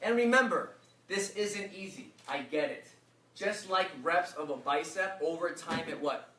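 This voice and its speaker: Bright energetic man leading a workshop. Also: a little high, unhurried. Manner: energetic, quizzes the audience with fill-in questions. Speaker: workshop speaker. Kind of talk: motivational workshop talk. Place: echoey workshop room. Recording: roomy echo, mic from far off, faint noise.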